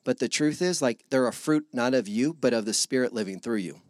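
A man preaching a casual, animated sermon to his congregation, acting out little dialogues with God. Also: medium pitch, fairly quick, dry recording, clean studio sound. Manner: animated, acts out God and listeners in voices.

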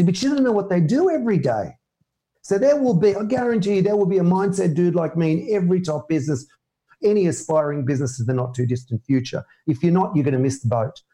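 A man, a mindset coach answering interview questions in an energetic, emphatic way. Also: fairly high pitch. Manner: energetic, emphatic, animated with quick bursts.

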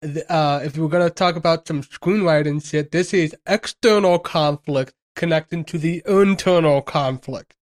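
A man's voice: fairly high pitch, normal speed, few pauses. A man co-hosting a podcast, discussing a film in a casual, rambling way with many restarts and fillers. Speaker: podcast co-host.

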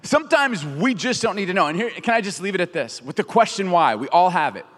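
A man's voice: high voice, quick pace. A middle-aged man preaching a sermon in a large theater, telling jokes and acting out quotes with lots of energy. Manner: animated storytelling with jokes and acted-out quotes. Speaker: pastor. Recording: long reverb of a big theater hall.

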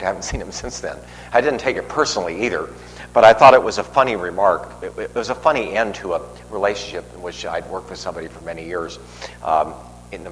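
Deep-voiced older man preaching a sermon. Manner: rambling storyteller, frequent restarts and fillers. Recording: long reverb, faint noise.

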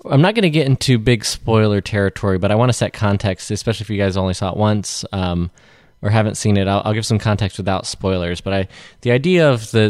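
A man's voice: lowish voice, darkish tone, no room sound. Chatty man reviewing films on a dry mic. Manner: chatty, rambling with restarts. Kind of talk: casual film review chat.

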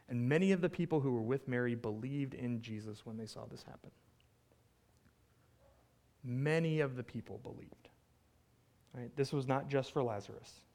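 A man preaching a conversational sermon, retelling a scripture story with animated asides and frequent "right?" check-ins. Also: mid-range voice. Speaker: pastor.

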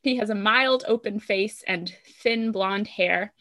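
A woman's voice: mid-range voice, a little slow, a bit bright. A woman co-hosting a podcast, casually retelling a show's plot with plenty of filler words. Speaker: podcast co-host recapping a show. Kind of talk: casual chat.

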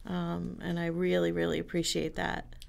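A woman's voice: lowish voice, completely flat delivery, moderate pace, gravelly, darkish tone. A woman who works in a university recovery program speaks sincerely and with appreciation in casual conversation.

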